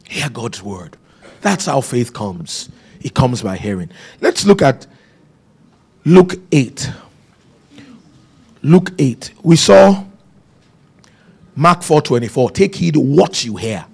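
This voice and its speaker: A man's voice: mid-range voice, sing-song, slow pace, vocal fry, long pauses, darkish tone, breathy edge. A man preaching a sermon, telling stories and repeating key phrases for emphasis. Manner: storytelling, emphatic repetition.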